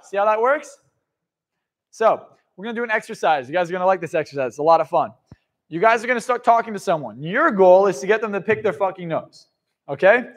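A man giving a live motivational seminar talk to an audience, blunt and profane, swinging from loud outbursts to hushed asides. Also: high voice, expressive, fast talker, a faint crowd. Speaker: motivational speaker.

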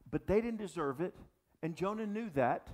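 A man's voice: sits high, expressive, normal speed, a little mellow. A man preaching a sermon as pastor, talking animatedly with frequent restarts and asides to the audience. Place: church or gathering space for young adults.

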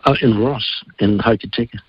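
Kiwi bloke singer, low gravelly voice, yarns on and on, dull lo-fi sound. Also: male voice, normal speed, a little hiss or hum. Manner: rambling, earthy, laughs while telling stories. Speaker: singer-songwriter guest. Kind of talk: casual radio interview storytelling.

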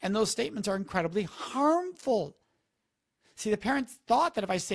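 A man's voice: sits high, big pitch swings, normal speed, gravelly. A man on a live stream giving earnest, instructive advice and repeating the key words for emphasis. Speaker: speaker on preventing sexual assault, talking to a live audience.

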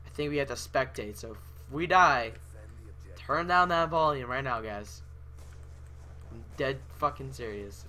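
A young man giving profane, ranting commentary over his own gameplay, yelling at the game. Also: mid-range voice. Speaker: gaming video creator.

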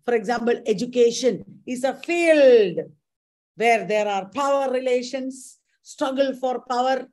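An Indian woman coaching students through exam questions on a live stream. She speaks slowly in a slightly high voice, quizzing her listeners, drilling terms aloud and dropping Hindi words in between. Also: a little mellow. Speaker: teacher. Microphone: live stream mic.

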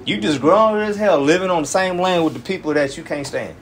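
A man's voice: on the high side, fairly quick, slight background noise. A man who is a church elder, preaching in an informal, emphatic, colloquial way and often tacking "man" onto his phrases. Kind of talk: informal sermon teaching.

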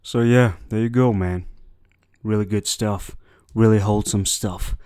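A man's voice: fairly low pitch, steady tone, a little slow, a little mellow, no room sound, clean studio sound. A man hosting a comedy reaction video, roasting clips in a rambling, mock-preachy way that keeps tagging on "all right?" and "boy". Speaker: host roasting online clips.

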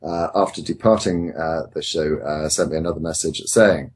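Husky-voiced male host. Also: rumbling low, a little mellow. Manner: measured, inquisitive, stammers on openings. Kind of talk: casual panel chat.

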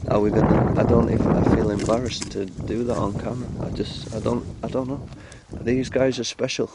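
A vlogger filming animals in a cold outdoor field rambles and jokes to the camera, slipping into chanted mantras. He speaks fairly quickly in a lowish voice with little pitch movement, and the recording is very noisy.

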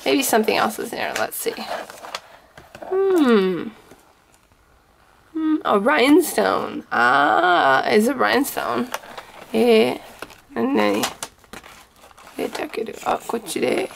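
A woman with a fairly high voice and a gravelly edge chats her way through an unboxing, gushing over each small gift. She drops Japanese phrases in among her English and takes her time. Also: big pitch swings, slow, long pauses, a little hiss or hum. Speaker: scrapbooking vlogger. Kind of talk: casual unboxing chat.

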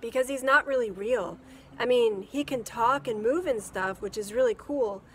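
A woman reading a children's story aloud, voicing an excited young schoolboy in an eager, wide-eyed way. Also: a little high, normal speed, lightly acted. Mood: earnest.

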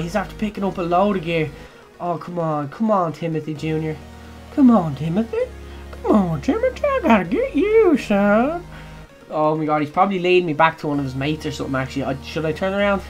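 Young woman, let's play commentary, low-ish voice, jokey and excitable, faint music underneath. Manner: excitable, jokey, sudden loud yelps. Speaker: gaming channel host.

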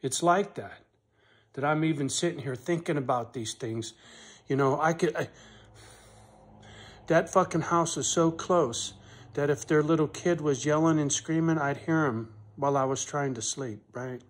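A man venting to camera in a personal vlog, blunt and swearing, his voice swelling loud when he is angry and then dropping soft. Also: fairly high pitch. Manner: slow, deliberate delivery with pauses. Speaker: vlogger on his rural property.

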